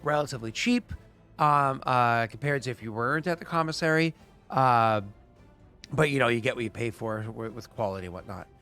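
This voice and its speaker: A man's voice: mid-range voice, brisk, sharp tone, faint music behind. A man running a tabletop game as game master, rambling with lots of fillers.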